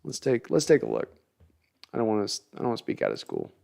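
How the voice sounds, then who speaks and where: A man's voice: on the low side, wildly swooping pitch, fast talker, gravelly, warm tone. Chatty man breaking down football. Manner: conversational, analytical, thinks aloud with restarts. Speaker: podcast host. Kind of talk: live-stream sports talk, reading chat.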